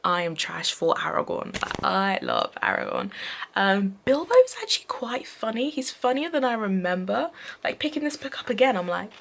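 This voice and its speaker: A young woman chatting casually in a reading vlog, rambling with many fillers and quick asides. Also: medium pitch, wildly swooping pitch, vocal fry, a bit bright, slight background noise. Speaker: book vlogger. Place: bedroom at night.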